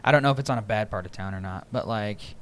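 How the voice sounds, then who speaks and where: A man's voice: fairly low pitch, quick pace, fairly bright tone, a little hiss or hum. A young man hosting a podcast, rambling through casual stories and laughing often. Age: young adult. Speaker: podcast host. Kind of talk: casual chat.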